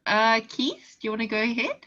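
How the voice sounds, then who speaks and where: A woman's voice: on the high side, big pitch swings, a little fast, bright, forceful tone, highs cut off. A woman moderating an online book launch and calling on people to speak. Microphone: video call.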